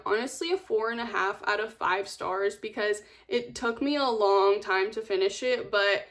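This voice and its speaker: A woman's voice: fairly high pitch, a bit bright. A young woman vlogger chatting casually about books she read, gushing and rambling, repeating words for emphasis. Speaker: book vlogger. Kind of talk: casual book review chat.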